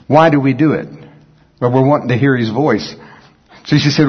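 A man preaching a sermon in a folksy, conversational way, breaking off into quick asides. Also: medium pitch, husky, lo-fi sound. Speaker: pastor.

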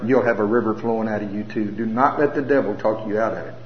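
A middle-aged man preaching a sermon with folksy humor and animated storytelling. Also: on the low side, quick pace, slight background noise. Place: church hall with a live audience. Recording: roomy, slightly dull sound.

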